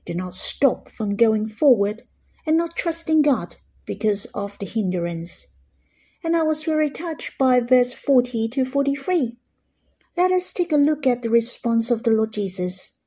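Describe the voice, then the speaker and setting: A woman giving an earnest, gentle devotional Bible reflection, leaning on key words for emphasis. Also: on the high side, breathy edge. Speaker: devotional speaker.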